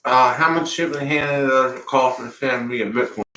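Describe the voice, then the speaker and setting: A man's voice: mid-range voice, fairly even intonation, roomy sound, background noise. A male vlogger reacting on camera with a burning mouth, short of breath and groaning in pain. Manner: pained, groaning, slow-spoken. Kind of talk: reacting on camera to a hot pepper.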